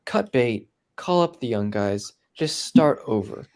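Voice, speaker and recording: A man's voice: medium pitch, expressive, unhurried, darkish tone. A man co-hosting a casual sports talk show, blunt and emphatic. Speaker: podcast co-host.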